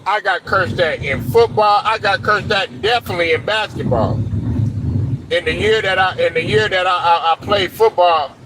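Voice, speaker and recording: A man's voice: high-pitched, normal speed. A man hosting a sports show, delivering a blunt, profane, preachy rant with faint traffic noise around him. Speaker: sports commentary host.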